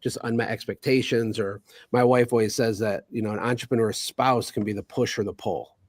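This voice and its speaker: A man on a podcast as a guest, talking over his phone in a casual chat, energetic and sarcastic. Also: fairly low pitch, no echo. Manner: sarcastic, energetic, rapid asides. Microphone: phone on a call.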